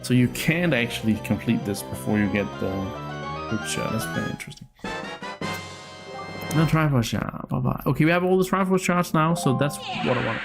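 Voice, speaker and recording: A man's voice: medium pitch, expressive, normal speed, gravelly, low-quality recording. A man casually commenting while playing a video game, rambling and amused at himself, stumbling over words, with game music behind. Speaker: game streamer.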